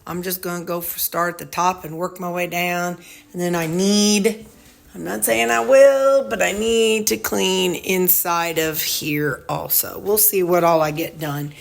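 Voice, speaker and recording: A woman's voice: lowish voice, fairly even intonation, a little slow, creaky. Chatty Missouri woman touring her home. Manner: rambling, chatty, talks to her dogs. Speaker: vlogger. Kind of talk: casual home tour vlog. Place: her house, indoors.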